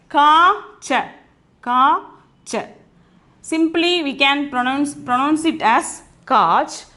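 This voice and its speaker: A woman's voice: high-pitched, a bit bright. A woman teaching a language class, patiently repeating each point and often checking whether students understand. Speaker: Hindi teacher. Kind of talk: online language lesson.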